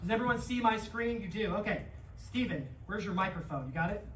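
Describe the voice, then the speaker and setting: A conference presenter giving an energetic live seminar talk to an audience, quick to call on the crowd. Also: medium pitch, a little hiss or hum. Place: large conference room, on stage. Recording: echoey hall, voice from far off, faint ambience.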